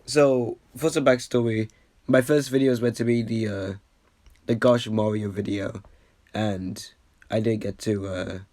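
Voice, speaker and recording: A man's voice: fairly low pitch, steady tone, measured pace, darkish tone, no echo. A slightly sick man giving casual commentary as he reacts to his own old video, rambling with lots of fillers and restarts and poking fun at himself. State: a bit sick.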